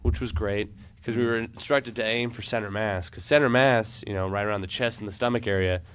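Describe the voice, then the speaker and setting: A man's voice: on the low side, fairly even intonation, fairly quick, fairly bright tone, a little hiss or hum. A man telling a long funny story on a casual podcast, rambling with many fillers. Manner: rambling, lots of "like" and "uh", laughs at own story.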